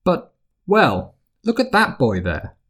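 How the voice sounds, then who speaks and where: A man's voice: on the high side, wildly swooping pitch, slow, fairly bright tone, pitched above the performer's own voice, exaggerated voice. A man voicing a stern old school nurse. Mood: worried. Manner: scolding, exasperated. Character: brisk elderly female school nurse, fussy and stern.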